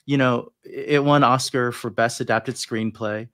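A man hosting a livestream interview over a video call, thoughtful and hesitant, with many pauses and restarts as he works out his question. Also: mid-range voice, fairly even intonation, a bit bright, dry recording, clean studio sound. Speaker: host. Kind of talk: interview conversation.

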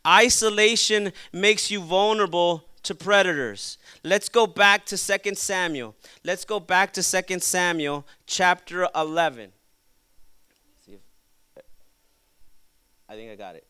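A man preaching a sermon to young people as their pastor, lively and acting out quoted voices. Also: sits high, smooth, no echo. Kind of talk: youth sermon.

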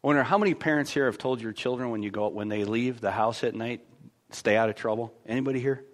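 A man's voice: medium pitch, fast talker. A man pastor with an American accent, preaching a conversational sermon in a church with frequent stammered restarts.

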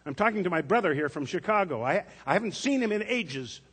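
A curt, irritated small-town pharmacist, as a preacher puts him on, pitched up and clipped with impatience. His husky tone carries a long church reverb. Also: expressive, a little fast, a bit bright, full character voice. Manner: curt and annoyed. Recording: echoey church sanctuary.

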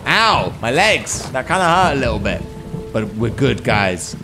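A man doing excitable let's play commentary, reacting and repeating game dialogue. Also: medium pitch, measured pace. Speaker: gaming YouTuber. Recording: over game music.

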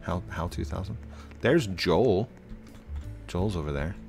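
A man giving chatty live commentary while playing an online game, talking to other players and getting excited when he finds someone. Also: low voice, takes it slowly, vocal fry, faint music behind. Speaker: gaming YouTuber.

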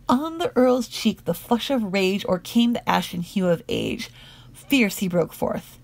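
Creaky-voiced woman reading verse. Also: medium pitch, animated, darkish tone, no echo. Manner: measured, rhythmic verse reading. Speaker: audiobook reader. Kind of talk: reading narrative poetry aloud.

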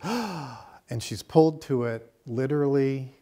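A man leads a class with a long story, his voice low and steady. He talks in a casual, unhurried way, painting scenes and checking in with his listeners. It sounds like a college teaching room. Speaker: course teacher. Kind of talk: storytelling lecture.

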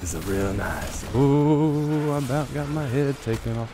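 A man giving casual live commentary on his own gameplay, talking to himself and his viewers and jumping into high excited yelps. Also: measured pace, hardly any pauses, soft background music. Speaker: game streamer.

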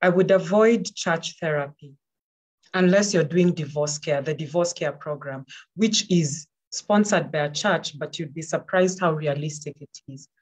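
A woman with a notably low voice speaks as a panel guest. She gives heartfelt personal testimony in an earnest, encouraging way, often repeating words for emphasis. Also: darkish tone.

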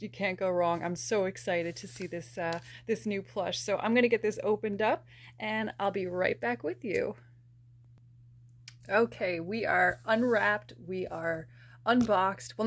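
A young woman from the United States hosting an unboxing vlog, gushing and excitable, with frequent restarts and gasps. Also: mid-range voice. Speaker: plush collector and vlogger.

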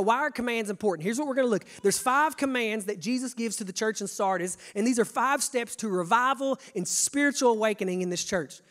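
A young man preaching a sermon, stammering on restarts and swinging from hushed to shouting. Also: very high voice. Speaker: pastor. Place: church sanctuary. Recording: long church reverb.

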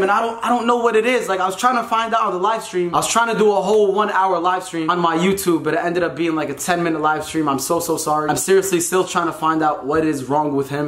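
A man in his twenties vlogging to a handheld camera at home and out in a garden, talking in an animated, exasperated, slangy way. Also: a little high. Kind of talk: casual vlog to camera. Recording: roomy echo, loud background noise.

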